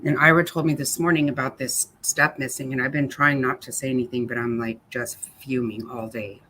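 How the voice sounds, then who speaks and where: A woman's voice: rumbling low, steady tone, fairly quick, a bit bright, slight background noise. A woman hosting a casual livestream, answering viewers by name in a blunt, angry way and swearing freely. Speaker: livestream host reading chat. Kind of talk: casual live chat commentary.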